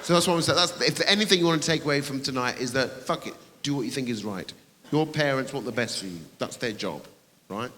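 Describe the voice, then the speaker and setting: A man doing a stand-up comedy set on a theatre stage, teasing the audience and bursting into shouted high voices. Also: fast. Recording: reverberant hall with loud audience noise.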